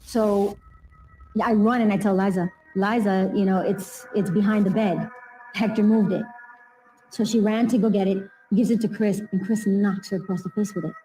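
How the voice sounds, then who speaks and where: A woman's voice: medium pitch, fairly even intonation, moderate pace, warm tone, soft background music, poor audio. A woman interviewed for a documentary, earnestly retelling a family story and acting out the voices of the people involved. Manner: earnest, quotes people in raised voice. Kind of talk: emotional recounting.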